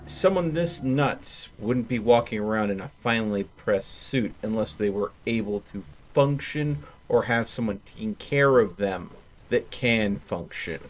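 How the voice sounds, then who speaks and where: A man playing in a tabletop role-playing game, thinking out loud and explaining his reasoning at length. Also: fairly low pitch, lively intonation, a little slow. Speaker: player. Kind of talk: casual tabletop game chat.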